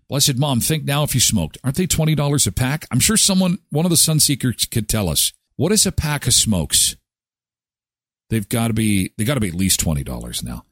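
A middle-aged man hosting a casual chat show, joking and animated. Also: medium pitch, a little fast, no echo, clean studio sound. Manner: joking, animated, slips into silly voices. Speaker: talk show host.

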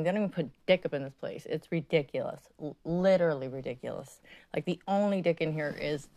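Low-pitched woman, podcast host, rambling crude monologue, heavy swearing, lots of ums. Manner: crude, rambling, self-mocking, swears a lot; many fillers and trailing asides. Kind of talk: casual monologue.

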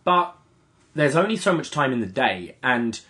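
A man co-hosting a podcast, chatting in a relaxed, easy way. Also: mid-range voice, moderate pace. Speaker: podcast co-host. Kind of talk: casual chat.

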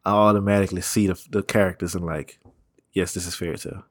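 A man talking casually about comics, rambling with slang, profanity and quick laughs. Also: deep voice, steady tone, no echo. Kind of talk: casual chat.

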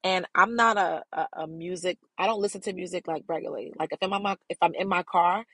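A middle-aged woman talks through her self-care podcast in a relaxed, candid way. Her voice sits low, and she laughs easily between thoughts. The recording is close and dry, with no room sound around her. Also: quick pace, no room sound. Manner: candid, chatty, laughs often. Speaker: podcast host.

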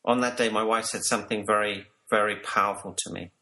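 A man's voice: on the low side, steady tone, fairly quick, pushed and bright, rough recording. A man working as a life coach, telling his personal story earnestly to an interviewer and sometimes repeating words.

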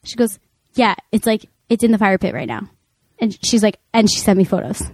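A woman in her thirties, co-hosting a podcast and telling a family story in casual chat, animated and full of fillers and restarts. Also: medium pitch, fairly quick, no room sound, clean studio sound. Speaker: podcast co-host.

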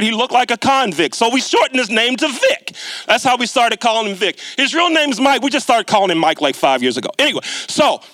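High, bright-voiced storytelling preacher man. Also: no echo. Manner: humorous, chatty, asks the congregation. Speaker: lay preacher. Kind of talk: storytelling sermon. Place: church sanctuary.

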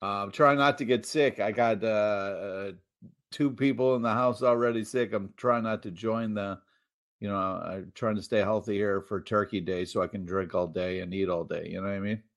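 A man co-hosting a casual podcast chat in a laid-back way, throwing in quick reactions. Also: on the low side, steady tone. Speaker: podcast co-host.

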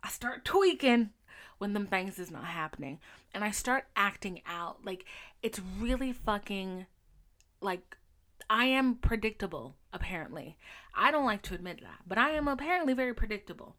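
Young woman podcasting solo, casual, swears a lot, animated stories. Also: medium pitch, normal speed. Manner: candid, profane, animated storytelling. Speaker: podcast host.

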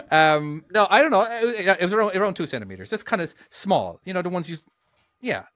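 A man's voice: high voice, very animated, a little fast, fairly bright tone, no echo. A man co-hosting a casual podcast, telling a story in a rambling, hesitant way with many restarts. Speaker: podcast co-host.

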